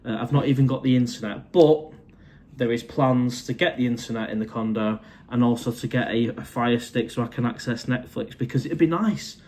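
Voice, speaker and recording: A man's voice: medium pitch, brisk, darkish tone. A man, casually chatting on a live stream from his condo, reading out viewer comments and calling everyone mate. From England.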